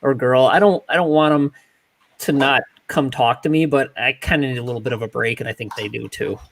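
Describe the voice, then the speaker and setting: A man's voice: mid-range voice, a little fast, slight background noise. Male podcast co-host, mid-range voice, frank and practical, conversational. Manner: frank, practical, advice-giving. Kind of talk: casual chat.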